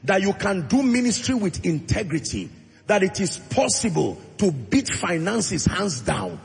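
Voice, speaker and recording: A man preaching a sermon as pastor, acting out short dialogues and rising into shouted prayer. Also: sits high, sing-song, a little slow, creaky. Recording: music under voice in a large reverberant hall.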